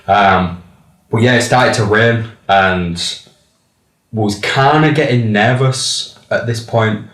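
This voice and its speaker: A man's voice: fairly low pitch, takes it slowly, a bit bright, roomy sound, low-quality recording. A young man with a Hull accent, a musician, telling a casual story about a gig, chatty and swearing freely. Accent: Hull, England. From England. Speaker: musician in a band.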